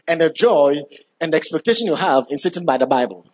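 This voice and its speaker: A man preaching a sermon, emphatic, repeating key words and building up when excited. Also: a little high, fairly quick, some chatter behind, a little hiss or hum.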